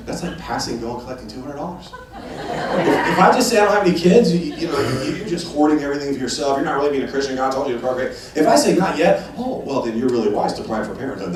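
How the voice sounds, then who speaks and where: A man in his thirties doing a stand-up comedy set, telling a story with lively energy and acting out voices. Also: medium pitch. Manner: animated storytelling, acts out voices and rising excitement. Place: large church hall with a live audience. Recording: echoey hall from far off, audience laughter.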